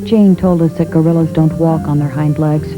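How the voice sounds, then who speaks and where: A man narrating as a detective in a deadpan, clipped, matter-of-fact style. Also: fairly high pitch, normal speed, music in the background, poor audio.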